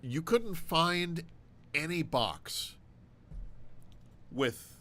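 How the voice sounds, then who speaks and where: An American man co-hosts a political talk show. His bright voice swings widely in pitch as he trades puns and jokes. He sometimes slips into put-on accents. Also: lively intonation, very slow. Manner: jokey, wordplay, puts on accents. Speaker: podcast co-host. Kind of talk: casual political chat.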